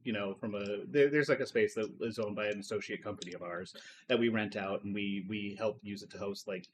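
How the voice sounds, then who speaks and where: A man's voice: fairly low pitch, steady tone, fairly quick, a little hiss or hum, close to an everyday voice. A man voicing a nervous, sweating male company recruiter who stammers and keeps losing his train of thought. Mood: flustered.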